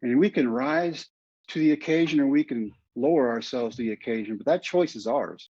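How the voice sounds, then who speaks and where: A man's voice: medium pitch, normal speed, darkish tone, slightly rough, dull audio. A middle-aged man, a podcast guest, telling his story earnestly and repeating phrases for emphasis.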